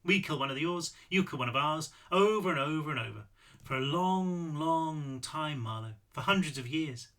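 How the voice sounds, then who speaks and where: This is a soft, almost soothing stranger with something dark just beneath the surface, voiced by a man reading his novel aloud. The voice sits high and sounds bright and clear. He talks calmly and smoothly, never raising his voice. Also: moderate pace. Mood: calm, ominous. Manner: quiet, gentle, with a dark edge. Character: high-pitched, soft-spoken, menacing European man. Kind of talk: audiobook read-through.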